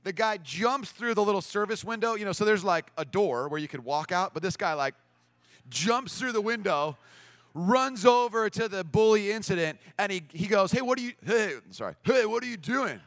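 A pastor preaches a sermon, animatedly telling a story and voicing its characters. His voice is high-pitched at a moderate pace, with no echo.

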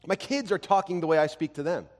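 A man in his thirties preaching a sermon, telling family stories, dropping to quiet and rising to loud. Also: fairly high pitch, fast. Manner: animated storytelling, swings from quiet to loud. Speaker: pastor. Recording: long hall reverb.

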